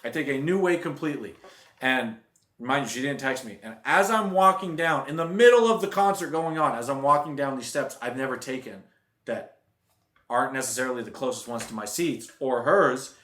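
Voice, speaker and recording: A young man telling a rambling, animated story to his viewers in a casual vlog. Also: medium pitch, normal speed. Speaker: vlogger. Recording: echoey room.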